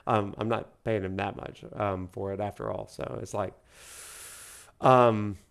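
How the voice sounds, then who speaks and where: A man's voice: on the low side, fairly even intonation, unhurried, clean tone. A man from Alabama, a professor streaming a video game, chatting casually and rambling with lots of fillers as he answers viewers. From Alabama, USA. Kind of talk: casual live-stream chat.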